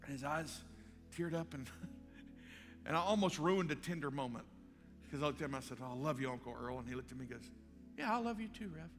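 Male pastor, lively storyteller, slightly high voice, live hall reverb. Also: fairly quick. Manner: animated storyteller acting out dialogue. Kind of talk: sermon storytelling. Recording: live hall with long reverb and faint music.

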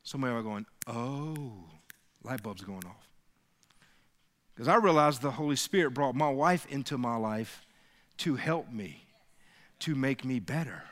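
A man's voice: mid-range voice, lively intonation, moderate pace, fairly bright tone. A man preaching a sermon as pastor, building to emphatic peaks and calling on the congregation to answer back. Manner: call-and-response preaching, rising to emphatic peaks. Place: church sanctuary. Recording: reverberant hall.

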